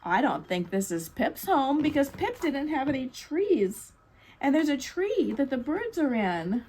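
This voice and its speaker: A woman reading a picture book aloud at a bookstore storytime, expressive and chatting with the children between pages. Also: high voice, measured pace, a little hiss or hum.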